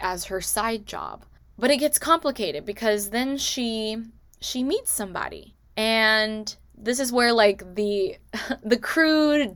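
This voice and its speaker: A woman's voice: mid-range voice, fairly bright tone, no echo. Chatty woman recapping movies. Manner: chatty, many "like" and "you know" asides; acts out characters' lines in quick quotes. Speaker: movie recommendation vlogger.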